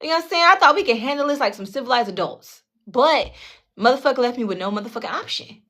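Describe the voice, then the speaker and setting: A woman's voice: sits high, quick pace. A woman telling a personal story in a casual, blunt monologue, heavily profane, often checking in with her listeners and acting out the people in her story. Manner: animated, acts out the other people in her story. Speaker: tarot channel host telling a personal story.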